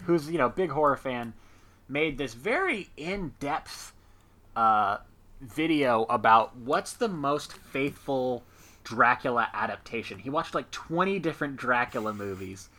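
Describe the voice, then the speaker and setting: Guy reviewing a movie with a buddy, voice jumps all over the place, bright and forceful, keeps slipping into goofy little character bits mid-sentence. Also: medium pitch. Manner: animated, jokey, acts out characters in quick asides. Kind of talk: casual movie review chat.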